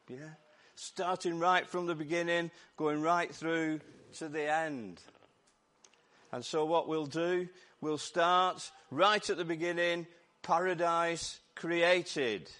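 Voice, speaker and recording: A man with a Lancashire accent preaching a lively, jokey Easter sermon to his church while his voice goes hoarse. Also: on the high side. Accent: Lancashire English. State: voice going hoarse. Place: church service.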